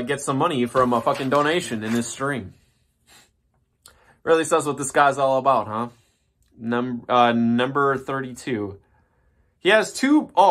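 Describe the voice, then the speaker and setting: Guy with a slightly high voice trashing someone in a sweary rambling rant. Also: fairly bright tone. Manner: mocking, profane, sarcastic; rambling with restarts. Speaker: commentary YouTuber. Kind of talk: ranting commentary.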